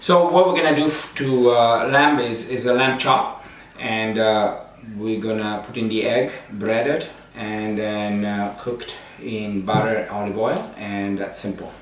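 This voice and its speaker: Priest-host, casual and rambling, heard from across an echoey kitchen. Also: male voice, lowish voice, fairly even intonation, takes it slowly, faint music behind. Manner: chatty, playful, full of ums and uhs. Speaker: priest hosting a cooking show. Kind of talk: casual cooking demonstration. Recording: very echoey room, distant mic, faint noise.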